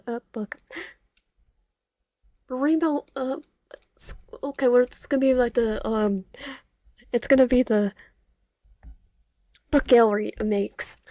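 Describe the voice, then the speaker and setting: A young woman reading a visual novel game aloud with her own comments, halting and stumbling over words, correcting herself as she goes. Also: mid-range voice, darkish tone, no echo, clean studio sound.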